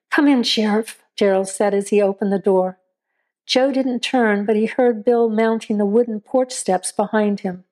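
A woman narrating a dark audio drama in a measured, atmospheric storytelling manner. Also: mid-range voice. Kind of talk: scripted narration.

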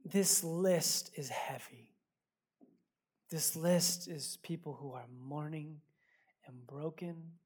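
A man's voice: fairly high pitch, slow pace, long pauses, a little mellow, breathy edge. A man preaches in a church service, speaking directly to his congregation. His sermon unfolds in a loose, conversational way, with personal stories and self-deprecating jokes. He often repeats a word or two before a thought comes out. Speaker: pastor.

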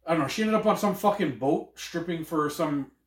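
Male co-host, high and lively, profane and excitable, roomy recording. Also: over a noisy crowd. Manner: animated, swears a lot, quick to laugh. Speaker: podcast co-host. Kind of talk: casual chat.

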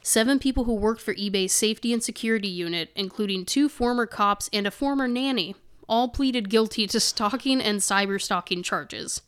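A woman's voice: medium pitch, moderate pace, few pauses, clear, resonant tone. A woman co-hosting a casual podcast, reading news excerpts aloud and adding indignant, sarcastic comments. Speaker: podcast co-host.

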